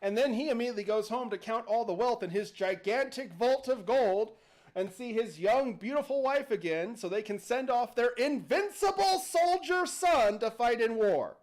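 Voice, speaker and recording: A male host retells a folk tale to his co-hosts and chat. His storytelling is animated and his pitch is lively, with frequent laughter. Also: normal speed. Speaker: podcast host. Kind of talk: casual storytelling on a livestream.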